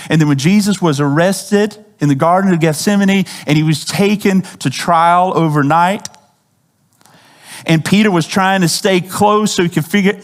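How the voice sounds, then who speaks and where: A man preaching a sermon as pastor, talking in a casual, conversational way and often asking the congregation questions. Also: high voice.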